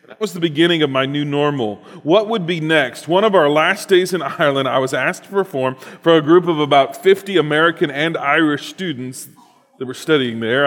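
A man's voice: on the high side, in a large hall. A man reading a written personal story aloud in an earnest, reflective way, then reflecting on it as host.

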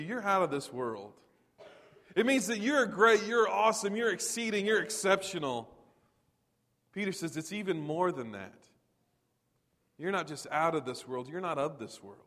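This man in his forties from Texas is a pastor with a slightly high, somewhat bright voice. He preaches in a conversational, storytelling style with bits of humor, and the recording carries the long reverb of a large hall.

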